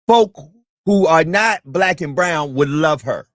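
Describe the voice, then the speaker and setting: A man hosting a live talk show delivers commentary with preachy conviction, building to near-shouting emphasis. His voice sits on the higher side, and the recording is dry and close, with no room sound. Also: lively intonation, slow, no echo. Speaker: host.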